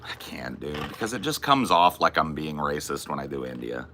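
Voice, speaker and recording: Laid-back profane man, bright voice. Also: rumbling low, lively intonation, normal speed, creaky, slight background noise. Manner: profane, laid-back, calls people dude and bro. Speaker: podcast host. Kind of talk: casual chat.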